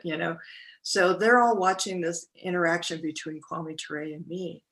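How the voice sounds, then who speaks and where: A middle-aged woman recounting a personal story as a podcast guest, speaking haltingly with many fillers and restarts. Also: lowish voice, fairly bright tone.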